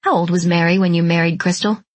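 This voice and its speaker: A woman voicing a sharp female investigator in an audiobook, putting pointed questions calmly. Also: on the low side, fast, no echo, lightly acted. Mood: probing.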